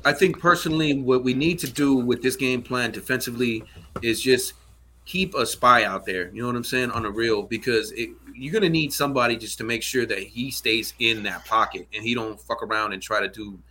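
A man's voice: medium pitch, fairly quick, sharp tone, a little hiss or hum. A man talking football in a loose, rambling way, often asking "you know what I'm saying" as he goes. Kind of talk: casual sports chat.

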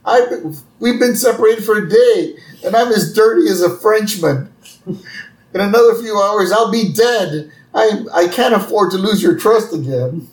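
A man's voice: high-pitched, moderate pace, voice pushed up, lightly acted. A man voicing a clueless, dependent cartoon husband who pleads in a whiny way. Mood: pleading. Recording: roomy, distant mic.

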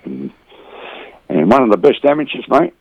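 A middle-aged Australian man, a volunteer in the boxing community, chats as an interview guest with blokey banter, rambling a bit and saying "mate" in nearly every sentence. His medium-pitched voice is very animated with a breathy edge at a moderate pace, recorded dry with the highs cut off.

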